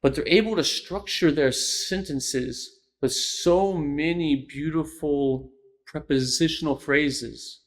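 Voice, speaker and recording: A young man hosting a lecture series, giving thoughtful, analytical commentary in a casual spoken style with pauses between phrases. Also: a little high. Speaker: host of a speech lecture series.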